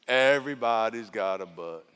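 A male pastor preaching an animated sermon in a church, calling on the congregation to answer back. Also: lowish voice, moderate pace, clear, resonant tone. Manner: animated, calls for congregation responses. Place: church sanctuary. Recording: long hall reverb.

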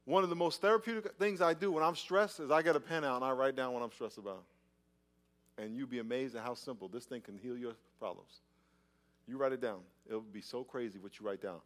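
A man's voice: fairly high pitch, quick pace. A male pastor preaching a sermon, telling stories with acted-out scenes, often repeating and restarting his words. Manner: animated storytelling, acts out scenes.

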